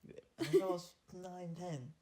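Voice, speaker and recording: A man in his twenties co-hosting a casual podcast with his sister, telling stories in an animated way, swearing and laughing often. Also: sits high, a little slow, a crowd in the background. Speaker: podcast co-host. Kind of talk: casual sibling chat.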